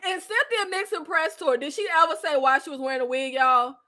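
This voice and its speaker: A woman hosting a casual live-stream recap chat, animated and slangy, laughing often, with a stuffy nose and scratchy throat. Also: sits high, fairly quick.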